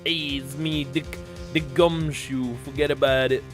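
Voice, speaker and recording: A man voicing a gruff, blustering male detective from a video game while reading its dialogue aloud. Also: medium pitch, level tone, a little slow, soft background music, close to an everyday voice.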